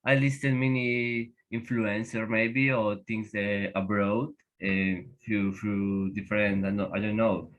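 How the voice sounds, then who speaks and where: A man's voice: fairly low pitch, level tone, measured pace, few pauses, a bit bright, lo-fi sound. A man, a Spanish speaker, speaking hesitantly in English in an online discussion. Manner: hesitant, repeats words. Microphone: video call.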